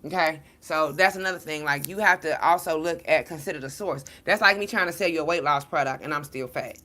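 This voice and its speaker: A woman who reads tarot cards, talking straight to her followers in a blunt, profane, slang-heavy and animated monologue. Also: deep voice, a little fast. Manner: storytelling, addressing followers as y'all. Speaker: tarot card reader. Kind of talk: casual direct-to-camera monologue.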